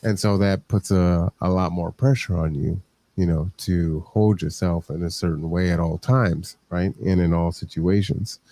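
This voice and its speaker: A man's voice: low voice, steady tone, normal speed, mellow, dry recording. A man hosting a podcast, talking in a reflective, conversational way and often checking in with the listener. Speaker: podcast host. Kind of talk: reflective casual talk.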